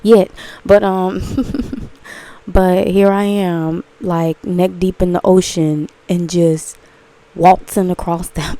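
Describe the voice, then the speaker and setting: A woman rambling in a casual, gushing monologue to camera, full of fillers and swearing. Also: slow. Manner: breaks into excited high exclamations. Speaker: vlogger.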